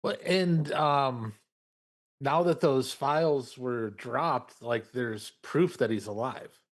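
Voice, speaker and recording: A man's voice: mid-range voice, slow. A man co-hosting a podcast, making dry, wry remarks in casual chat. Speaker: podcast co-host.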